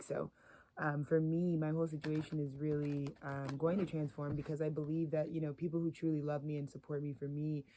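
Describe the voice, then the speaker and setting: Mellow, flat-voiced woman musing on spirit. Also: deep voice, slight background noise. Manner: filler-heavy, meandering, earnest. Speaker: spiritual content creator. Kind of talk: rambling spiritual monologue.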